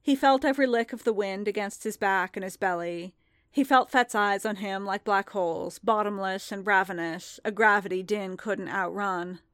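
A woman's voice: medium pitch, normal speed, a bit bright, clear, resonant tone, no room sound. Woman narrating a story, dry close sound. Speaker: reader. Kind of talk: narrating fan fiction aloud.

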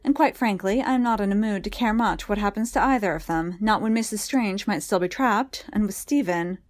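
A woman's voice: mid-range voice, brisk, lightly acted. A woman voicing a cool, dry noblewoman. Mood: bitter. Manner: dry and sharp. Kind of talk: audiobook reading.

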